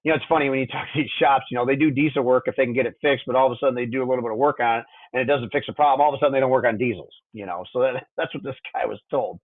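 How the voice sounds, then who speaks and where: A man's voice: mid-range voice, very fast, hardly any pauses, no room sound. A man teaching diesel engine diagnostics in a conversational webinar, checking in with listeners by asking "okay?" and "would you agree?". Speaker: diesel technician instructor. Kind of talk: technical webinar walkthrough. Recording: dry, tinny phone-like audio.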